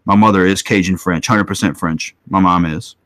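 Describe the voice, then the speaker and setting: A man hosting a paranormal livestream who talks excitedly, repeats himself and questions the spirits. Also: sits low, normal speed, dry recording, poor audio. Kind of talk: live stream commentary during spirit session. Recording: loud background noise.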